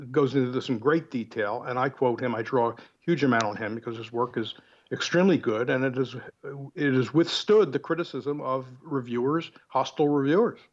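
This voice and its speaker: A man being interviewed as an author, telling a story in an animated, digressive way. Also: mid-range voice. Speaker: guest author. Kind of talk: conversational interview. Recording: muffled lo-fi audio.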